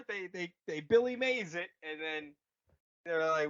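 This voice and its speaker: A man co-hosting a podcast, recapping a movie comedically and acting out characters in quick bursts. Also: a little high, lively intonation, fairly bright tone, smooth, highs cut off. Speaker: podcast co-host.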